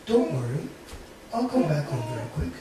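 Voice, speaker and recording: A man's voice: a little high, sing-song, moderate pace, background noise. A man voicing the playful young cowherd Krishna, speaking sweetly and coaxingly. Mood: soothing. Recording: very echoey hall, distant mic.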